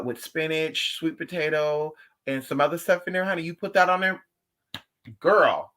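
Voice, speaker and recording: Guy livestreaming, bright sharp voice, sassy and swearing a lot while telling stories to chat. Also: fairly high pitch. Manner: animated, profane and sassy storytelling. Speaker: livestream host. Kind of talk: casual chat with viewers.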